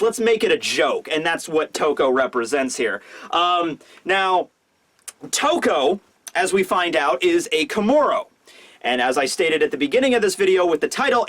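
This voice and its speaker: High-voiced excitable male reviewer. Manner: excitable, rambling with fillers. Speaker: anime manga reviewer. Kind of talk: casual commentary.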